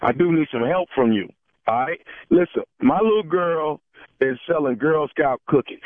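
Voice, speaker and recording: A man making a prank phone call, calm and insistent, often stammering. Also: a little high, moderate pace, dry recording. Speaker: prank caller. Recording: tinny phone line, dry.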